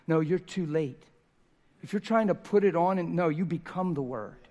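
A middle-aged man preaching a sermon in church, telling a story with emphasis and dropping from loud to hushed. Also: on the high side, moderate pace. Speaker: pastor. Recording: long reverb in a church hall.

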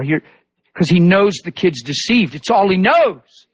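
A male preacher with a husky, slightly raised voice gives a sermon, moving through stories and voicing each character. He drops low and quiet for emphasis. The recording sounds dull and lo-fi. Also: a little slow. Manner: animated storytelling with voiced quotes.

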